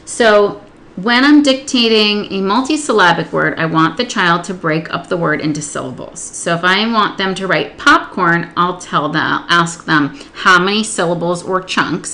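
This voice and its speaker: A woman's voice: on the low side, sharp tone, a little hiss or hum. Patient woman demonstrating a literacy lesson. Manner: patient, explains step by step, slows to sound out words. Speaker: literacy tutor. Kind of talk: instructional demonstration.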